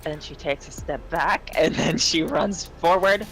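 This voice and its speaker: Slow, hesitant tabletop player woman. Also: deep voice, a bit bright, rough recording. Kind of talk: describing her character's actions in a tabletop game.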